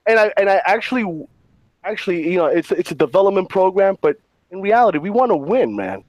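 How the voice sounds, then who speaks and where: Profane New storyteller, dry close mic. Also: male voice, high voice, a little fast, no echo, rough recording. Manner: animated, profane storyteller, shouts in quoted bits. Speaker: panel show co-host. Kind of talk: casual storytelling on a panel show.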